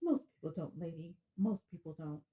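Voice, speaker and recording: A woman voicing a confident, seasoned expert on the phone who talks slowly and patiently to calm a caller. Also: low voice, pitched below the performer's own voice, close to an everyday voice, rough recording. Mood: reassuring. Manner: slow, patient, reassuring, deliberate.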